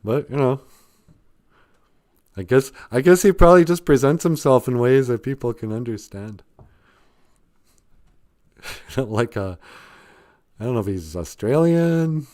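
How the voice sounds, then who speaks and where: A man's voice: medium pitch, expressive, unhurried, long pauses, a little mellow. A man hosting a casual live stream, rambling and jokey, laughing often and trailing into fillers.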